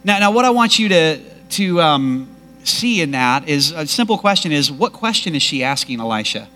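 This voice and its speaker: Bright-voiced man preaching with emphasis. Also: fairly high pitch, big pitch swings, normal speed. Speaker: pastor. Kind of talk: sermon.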